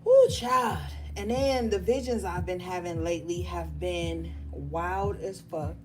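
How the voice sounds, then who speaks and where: A woman's voice: lowish voice, unhurried, noisy background. A woman tarot reader chatting casually and bluntly on a livestream, swearing and laughing often. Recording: music playing behind.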